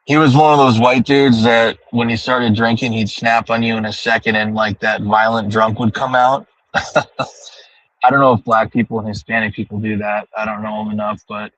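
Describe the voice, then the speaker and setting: Low-voiced man ranting while driving. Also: flat delivery, moderate pace, fairly bright tone, poor audio. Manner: profane, ranting, thinking aloud. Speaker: livestreamer talking to chat. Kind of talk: casual rambling monologue. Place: in a car driving home.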